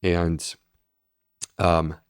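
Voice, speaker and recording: A man's voice: low voice, flat delivery, drawn-out words, clean tone, no echo, clean studio sound. A man, a medical doctor, explaining steadily and earnestly in a podcast interview. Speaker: gastroenterologist guest.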